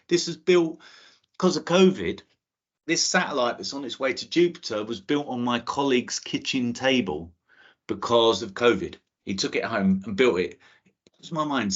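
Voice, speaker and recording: A man's voice: mid-range voice, fairly bright tone, highs cut off. A man giving an enthusiastic, chatty online talk to students about space careers, often checking in with "okay?". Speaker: guest speaker on space careers.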